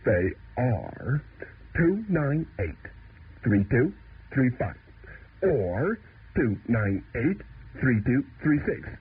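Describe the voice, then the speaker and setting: A man hosting a comedic radio show with a raspy voice, launching into a satirical, mock-outraged rant and then talking it over. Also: very animated, very slow, pauses often. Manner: mock-outraged ranting, jumping between pitches. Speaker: radio host. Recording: tinny lo-fi 1970s radio broadcast recording.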